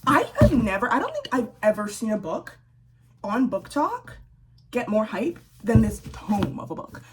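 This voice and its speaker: A young woman in a casual, sassy book-review rant, chatty and laughing often, with a slightly husky voice. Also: on the high side, big pitch swings, moderate pace, noisy background. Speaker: book vlogger.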